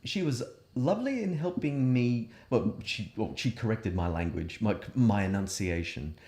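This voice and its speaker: A man with a clean South Australian accent answers podcast questions in a low, lively voice, pausing to think between words. His voice rings with a roomy echo, and his pitch still moves a lot. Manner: hesitant, thoughtful, many fillers. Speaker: guest, learning and development coach. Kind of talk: casual interview chat.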